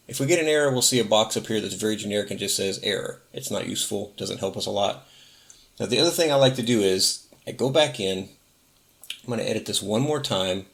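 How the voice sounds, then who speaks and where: Male tutorial host, low and gravelly, relaxed step-by-step narration. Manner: casual, self-correcting, narrates clicks step by step. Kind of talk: screen-recorded software walkthrough.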